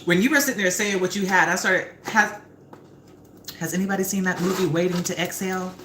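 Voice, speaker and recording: Young woman, livestream host, very low voice, chatty and animated, roomy kitchen echo, faint background noise. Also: brisk. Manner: animated, chatty storyteller, swears freely. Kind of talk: casual live-stream chat while cooking.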